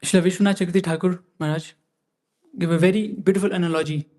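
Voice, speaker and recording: A man's voice: high voice, fairly even intonation, rapid-fire, mellow. Chatty man giving a scripture class. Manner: conversational, restarts and repeats phrases. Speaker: class speaker. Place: temple class room.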